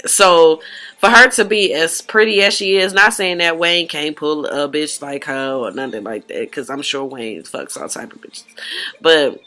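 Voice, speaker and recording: A woman's voice: low-pitched, unhurried, bright, forceful tone, soft background music. A woman recapping a reality show in casual, blunt, profane slang. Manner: blunt, profane, slangy gossip with acted-out quotes.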